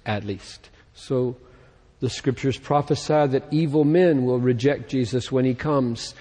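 A man preaching a sermon in an earnest tone, his voice rising and growing louder as he reads scripture. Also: mid-range voice, long reverb tail. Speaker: pastor.

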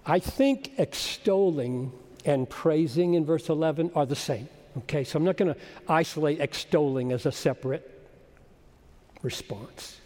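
A man preaching a sermon, moving between quiet explanation and loud, soaring emphasis. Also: a little high. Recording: long hall reverb.

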